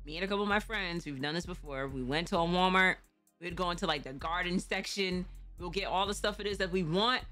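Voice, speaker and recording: A woman's voice: lowish voice, fairly quick, bright, forceful tone, soft background music. Laughing, profane young woman storyteller. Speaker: streamer. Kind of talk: casual storytime chat.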